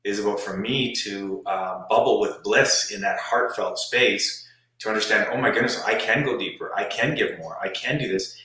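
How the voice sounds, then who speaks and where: A man's voice: fairly low pitch, moderate pace, sharp tone. A man talking in an earnest, musing way as co-host of a conversation. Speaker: co-host, performance coach. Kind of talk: reflective conversation. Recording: echoey room, far from the mic.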